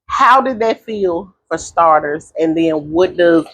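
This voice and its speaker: A woman's voice: fairly low pitch, lively intonation, slow pace, fairly bright tone. A woman hosting a podcast, in a chatty, encouraging way, with many fillers. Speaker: podcast host. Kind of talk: casual chat.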